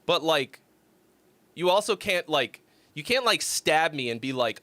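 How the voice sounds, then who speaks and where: A man's voice: a little high, expressive, a little slow, long pauses, pushed and bright, dry recording. A man hosting a casual music critique livestream, rambling and laughing as he thinks aloud. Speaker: host.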